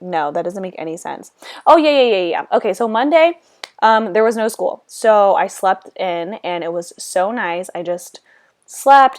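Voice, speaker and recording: A woman's voice: mid-range voice, darkish tone, dry recording. A young woman rambles through a casual voiceover from her room, sassy and full of slang. She sounds a bit out of breath. The recording is dry and close, with no room sound. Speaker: vlogger.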